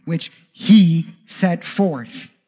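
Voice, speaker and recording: A man preaching a sermon as pastor, animated, with jokey asides and rhetorical questions. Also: on the high side, drawn-out words, breathy edge.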